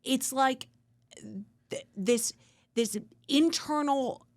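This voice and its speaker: A woman's voice: high-pitched, extremely slow. A woman attorney hosting a podcast, talking casually and earnestly, blunt and free with swearing while she searches for the right words. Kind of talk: casual conversation.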